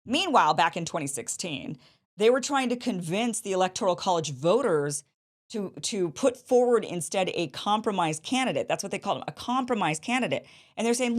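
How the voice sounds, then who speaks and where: A woman with a fairly low voice hosts a political commentary show. She talks in a sarcastic, mocking way. She is lively and drifts into sneering asides. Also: a little fast. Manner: animated, with mock voices of opponents. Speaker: show host.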